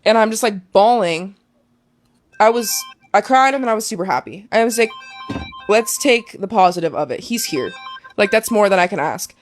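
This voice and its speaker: A woman's voice: medium pitch, expressive, moderate pace, soft background music. A young woman talking as a guest, telling an emotional personal story casually with many fillers.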